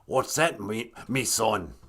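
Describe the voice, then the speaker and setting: A man's voice: on the low side, expressive, slow, a bit bright, husky, heavily acted. A man voicing the Great Spirit as a laid-back, teasing father figure who calls him son.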